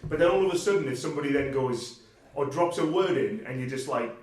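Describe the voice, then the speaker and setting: A man's voice: mid-range voice, animated, a little mellow. A man hosting a casual podcast chat about working in sales, talking loosely, laughing often and restarting his sentences. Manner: chatty, quick to laugh, stumbles and restarts. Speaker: podcast host. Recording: echoey room.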